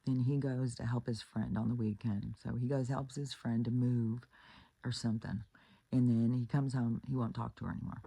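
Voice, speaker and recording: A woman's voice: extremely low pitch, level tone, normal speed, gravelly, mellow, breathy edge. A woman giving relationship advice in a casual monologue, blunt and profane, retelling stories with acted-out quotes.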